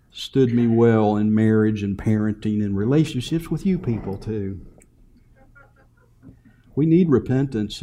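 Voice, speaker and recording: A middle-aged man delivers a sermon from the pulpit. His voice sits at an ordinary middle pitch. He moves between loud, emphatic declarations and soft, quiet asides, and tells a family story with humor. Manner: preaching, shifting from loud emphatic lines to low quiet asides. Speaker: pastor.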